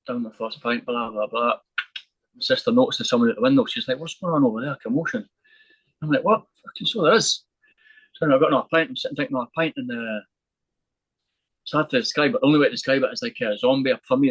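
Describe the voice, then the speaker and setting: A young man talking fast as a podcast guest, spinning a story in a lively, animated way and swearing freely. His voice sits at an ordinary middle pitch and sounds close and dry, with no room around it. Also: dry recording, lo-fi sound. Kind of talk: storytelling in a casual interview.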